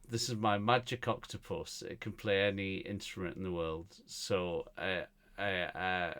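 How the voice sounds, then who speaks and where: A man's voice: low-pitched, gravelly, a bit bright. A man co-hosting a casual podcast, telling a meandering comedy anecdote full of restarts. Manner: meandering storyteller, many fillers and restarts. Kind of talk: casual chat, rambling anecdote.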